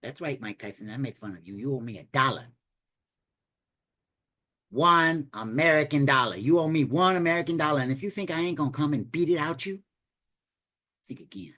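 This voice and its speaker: A man doing an impression of a famous heavyweight boxer, taunting and threatening in a low, quiet, profane voice. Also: expressive, a little fast, long pauses. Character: menacing male heavyweight boxer, coarse and threatening.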